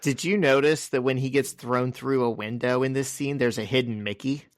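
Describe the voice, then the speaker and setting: A man's voice: medium pitch, steady tone, normal speed, dry recording, clean studio sound. A man co-hosting a podcast, chatting casually and enthusiastically, with lots of "like" fillers. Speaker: podcast co-host.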